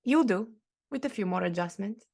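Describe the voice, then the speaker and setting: A woman's voice: mid-range voice, expressive, normal speed, vocal fry, a little mellow. A woman co-hosting a casual podcast who gives short, playful replies and asks questions. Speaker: podcast co-host.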